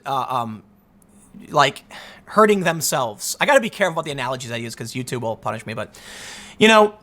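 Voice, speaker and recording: Fired-up, high-voiced male political commentator. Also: a bit bright. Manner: emphatic and indignant, repeats words as he restarts. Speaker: political commentator, show host. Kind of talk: heated political commentary monologue.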